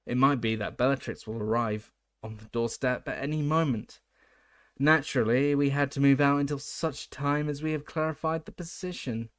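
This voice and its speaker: A man voicing a calm, courteous old male wizard headmaster who speaks in a measured, formal way. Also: mid-range voice, no room sound, studio quality, close to an everyday voice.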